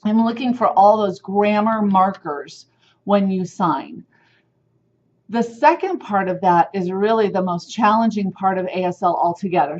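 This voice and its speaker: A woman's voice: medium pitch, muffled recording. A woman sign language instructor giving a recorded lecture on grading criteria, explaining in a direct, firm teacherly way.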